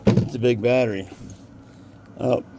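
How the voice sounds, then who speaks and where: A man's voice: mid-range voice, fairly even intonation, measured pace, noisy background. Folksy man rambling with many fillers. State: has the hiccups. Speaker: vlogger. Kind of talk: casual how-to vlog. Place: inside a camper.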